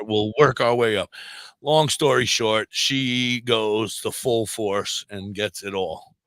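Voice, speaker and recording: A man's voice: on the low side, a little slow, no room sound. A man, a podcast guest and radio DJ, telling a story casually and acting out the dialogue he quotes. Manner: animated, acts out quoted dialogue. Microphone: podcast microphone.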